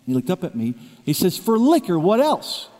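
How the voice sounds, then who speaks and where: A pastor with a high voice delivers a sermon in a large worship hall. He tells his story in hushed low tones, then rises into emphatic preaching. Long reverb trails each phrase. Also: wildly swooping pitch, normal speed.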